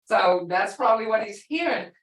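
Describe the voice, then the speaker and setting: A woman's voice: medium pitch, lively intonation, normal speed. A woman teaching a language class in a casual, chatty way, explaining through stories and repeating words for her learners. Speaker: language instructor. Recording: echoey room, voice far from the mic.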